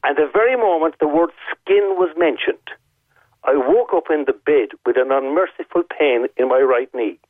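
An Irish man rings in to a radio show and walks through his story step by step, stressing the key moments by repeating them. His voice sits a little high for a man. It comes through a tinny phone line with no room around it. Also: moderate pace, dry recording. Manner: vivid, detailed storytelling with emphatic repetition. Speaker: caller. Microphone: telephone.

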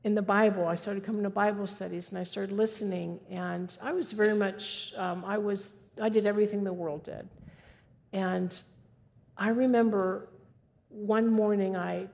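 A woman's voice: mid-range voice, steady tone, normal speed, gravelly, a little mellow. A middle-aged woman giving an earnest, exhorting sermon to women, often repeating phrases for emphasis. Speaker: women's speaker. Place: church sanctuary. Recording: long hall reverb.

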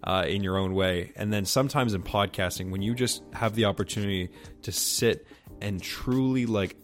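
A man's voice: lowish voice, normal speed, soft background music. A man hosting a podcast, reflecting thoughtfully on the conversation with frequent fillers. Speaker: podcast host.

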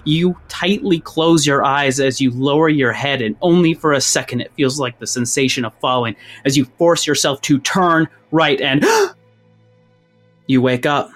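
A man's voice: medium pitch, measured pace, a bit bright. A man acting as game master, narrating a tabletop game in tense second person, then explaining rules casually.

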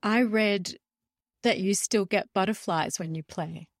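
A woman's voice: mid-range voice, measured pace, dry recording, studio quality. A woman interviewer asking questions in a polite, lightly teasing way.

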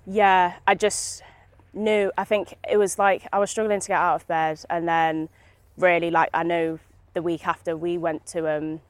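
A woman's voice: on the low side, little pitch movement, normal speed, dry recording. A young woman from Britain, speaking candidly as an interview guest with many fillers and restarts, recorded outdoors in a park.

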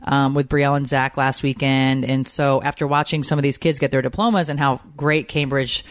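A woman's voice: a bass voice, little pitch movement, a little fast, no room sound. Woman host, dry close sound, chatty and emotional, rambles through her stories. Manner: emotional, rambling storytelling with fillers. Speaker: podcast host. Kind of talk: casual chat.

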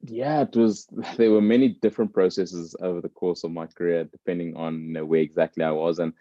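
Deep, mellow-voiced former player. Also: male voice, steady tone, brisk, no room sound, highs cut off. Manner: thoughtful, tells stories with voiced characters. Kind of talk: reflective conversation.

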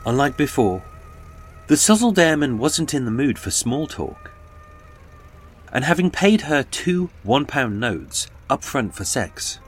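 A man giving dramatic scripted true-crime narration and dwelling on detail. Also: mid-range voice.

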